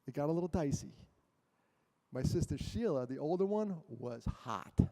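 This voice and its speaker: A male guest speaker telling a personal story to a church audience, animated and self-mocking, with jokes between the serious parts. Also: a little high, moderate pace. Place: church hall. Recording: long hall reverb.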